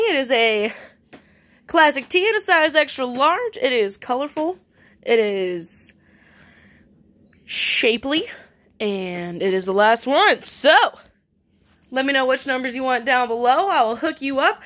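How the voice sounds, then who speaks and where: A playful, chatty woman with a fairly high voice walks through clothes she is selling. She talks casually at home, now and then dropping to a soft whisper or trying out silly put-on accents. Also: lively intonation, moderate pace. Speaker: online clothing reseller. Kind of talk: casual product showcase.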